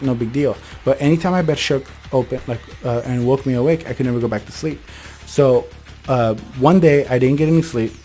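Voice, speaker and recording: Fast, rambling young man telling ghost stories. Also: medium pitch, mellow. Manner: fast, rambling, full of fillers and self-corrections. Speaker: host, storyteller. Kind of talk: casual ghost storytelling. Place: bedroom in his childhood home.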